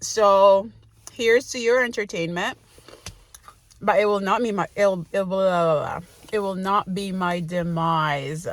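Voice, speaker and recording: A woman's voice: lowish voice, dry recording. A woman in her late twenties talking casually in a vlog, rambling with lots of fillers and laughs. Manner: munching while talking. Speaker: vlogger.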